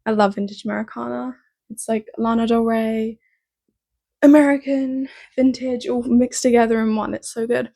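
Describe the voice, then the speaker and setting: A young woman chatting casually through a hair tutorial, upbeat and full of fillers, her voice still rough from just waking up. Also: on the high side, little pitch movement, moderate pace, mellow. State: morning voice, just woken.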